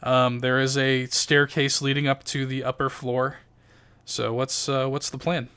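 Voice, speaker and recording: A man's voice: medium pitch, flat delivery, measured pace, a bit bright, smooth. Chatty man running a tabletop game. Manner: loose and chatty, many fillers. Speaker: game master.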